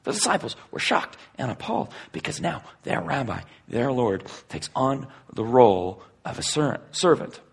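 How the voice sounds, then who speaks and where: A man preaching a sermon and reading scripture aloud. He swings between loud, forceful emphasis and hushed, near-whispered passages. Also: medium pitch, big pitch swings, moderate pace, vocal fry, few pauses, breathy edge. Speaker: pastor.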